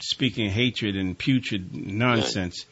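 A man's voice: fairly low pitch, slow, fairly bright tone, husky, muffled recording. A man hosting a call-in talk radio show, speaking plainly and casually with frequent stammering restarts.

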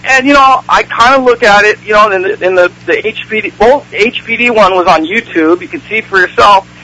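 A male caller talks on a radio show. His voice is high and bright, and he is earnest and hesitant, with many restarts and "you know"s. The sound is a radio call-in line. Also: fairly quick, rough recording.

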